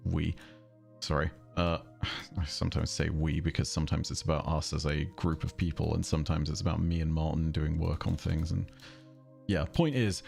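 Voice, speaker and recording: A man's voice: a bass voice, flat delivery, moderate pace, vocal fry, a little mellow, soft background music. A man with a southern English accent streaming a game, chatting casually in a rambling way and breaking off to react to the game. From England. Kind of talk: casual livestream chat while gaming.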